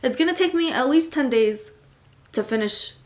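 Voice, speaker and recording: A woman's voice: high-pitched, lively intonation, moderate pace. Chatty young woman recapping a book. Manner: chatty, rambling plot recap with filler words. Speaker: book vlogger. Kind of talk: casual reading vlog.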